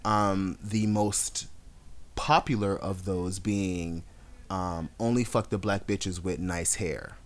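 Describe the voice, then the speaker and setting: A young adult man co-hosting a podcast, chatting casually with an animated, sassy storytelling style and frequent laughs. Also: sits low, slow pace. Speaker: podcast co-host. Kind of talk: casual chat.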